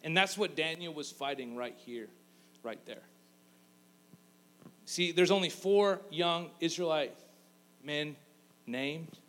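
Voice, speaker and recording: Joking pastor with a higher voice. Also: male voice, slow, pauses often, fairly bright tone. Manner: casual, joking storyteller who acts out voices. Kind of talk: sermon.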